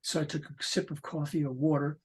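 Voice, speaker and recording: A man's voice: a little high, little pitch movement, brisk, breathy edge. An older male voice actor telling a rambling, hesitant anecdote about a recording session.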